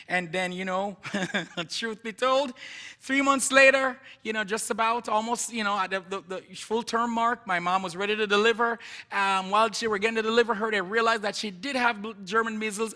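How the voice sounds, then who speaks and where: A man from Jamaica preaches a testimony sermon, telling his story in a chatty way with asides to the listeners. His voice sits high and sounds bright. A long reverb from the church sanctuary follows every phrase. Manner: conversational storytelling with asides to the audience.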